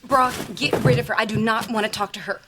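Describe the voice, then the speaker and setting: A woman's voice: a little high, fairly even intonation, fast talker, very noisy, natural voice. An actress playing a chirpy, overeager woman friend in a sitcom, with a sing-song, eager way of talking. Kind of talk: sitcom acting.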